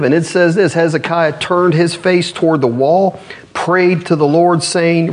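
An earnest male preacher delivering a sermon at a middling pitch. He reads scripture passages aloud and leans on rhetorical questions to draw in his listeners. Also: normal speed.

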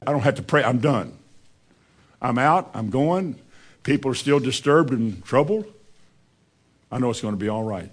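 A man preaching a sermon, asking his listeners questions and moving between loud, raised lines and quiet, hushed ones. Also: lowish voice.

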